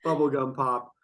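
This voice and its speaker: A man hosting a casual podcast chat, rambling and drawn-out, stoned and yawning, laughing often. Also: on the high side, fairly bright tone. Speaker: podcast host.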